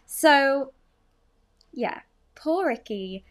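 A woman's voice: high-pitched, lively intonation, drawn-out words. A young woman in her twenties talks through her own dating past on a podcast. Her delivery is candid and chatty, full of fillers and asides, and she keeps poking fun at herself. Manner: self-deprecating, chatty, many fillers and asides. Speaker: podcast host. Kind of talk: candid confessional podcast monologue.

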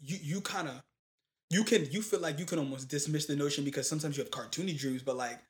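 A young man in casual chat, telling a long story in animated, slangy talk with lots of fillers. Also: a little high, fast.

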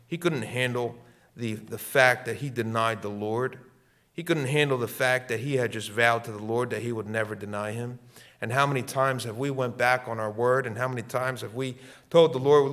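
A middle-aged man preaching a sermon as pastor, repeating his lines and swinging between loud, fervent peaks and hushed, quiet passages. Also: mid-range voice.

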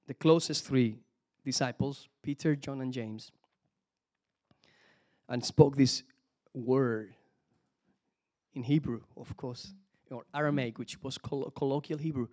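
A man preaching a sermon, animated, calling out hallelujah and praise the Lord between points. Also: medium pitch, takes it slowly. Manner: animated, exclamations of hallelujah, some restarts.

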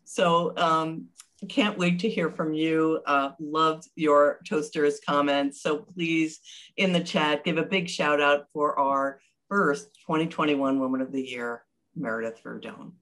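A woman's voice: low voice, steady tone, a little slow, a bit bright, low-quality recording. A woman hosting a virtual awards event in a casual, upbeat way. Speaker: event host.

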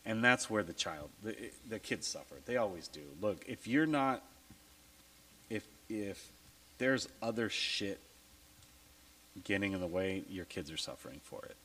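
A man with a low voice hosting a casual podcast, blunt and swearing freely. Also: expressive, measured pace, pauses often, pushed and bright, a little hiss or hum, poor audio. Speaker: podcast host.

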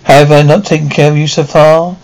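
Dude voicing an old snake god, bossy and coaxing, gravelly. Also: male voice, a little high, little pitch movement, fairly quick, darkish tone, lightly acted, rough recording. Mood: commanding. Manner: commanding, coaxing. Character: ancient male snake god of the dead.

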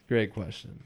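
A man co-hosting a casual podcast, recapping a cartoon episode and mimicking the characters' lines as he goes. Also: darkish tone. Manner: retells scenes with quick mimicked lines. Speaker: podcast co-host.

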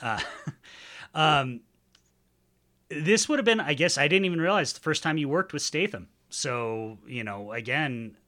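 Bright-voiced male podcast host. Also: on the high side, expressive. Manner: enthusiastic, quick to laugh and admit mistakes. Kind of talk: casual podcast chat.

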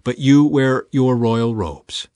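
A sharp, commanding ancient king barks his orders, as a man reads him in a scripture recording. The voice sits in an ordinary pitch, and the sound is close and dry. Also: slow, dry recording, lightly acted. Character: angry scheming ancient male king.

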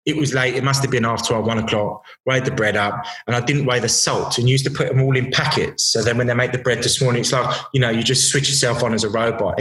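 A chef in his thirties, with a mid-range, somewhat bright voice, tells kitchen stories as a guest on a casual podcast. He's blunt, swears freely, and restarts often, and the recording has a roomy echo.

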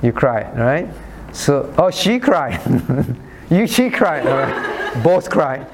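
Male pastor, medium pitch, conversational teaching with direct questions, slight background noise. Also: very animated, slow. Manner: questions listeners by name; rhetorical "right?" checks. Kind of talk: sermon-style Bible study.

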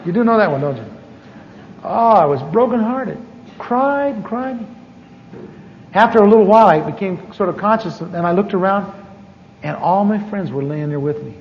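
High-voiced pastor in a reverberant hall. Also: male voice, expressive, normal speed, pauses often, a little hiss or hum. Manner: humorous, self-mocking storytelling. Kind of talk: storytelling sermon. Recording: dull lo-fi recording with long hall reverb.

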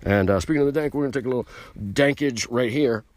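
A man hosting a podcast, delivering a brash, boastful and profane rant that gets louder and higher when he is worked up. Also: fast, no room sound, studio quality. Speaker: podcast host. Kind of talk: ranting podcast monologue.

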